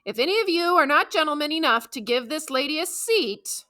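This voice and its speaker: A woman's voice: high-pitched, animated, a little fast, bright, forceful tone, pitched above the performer's own voice. Stern policeman, read by a woman. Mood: scolding. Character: stern, scolding adult male policeman.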